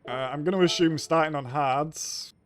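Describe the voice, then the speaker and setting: A man's voice: fairly high pitch, moderate pace, clear, resonant tone. A man streaming a racing game live, talking casually as he reacts to the race.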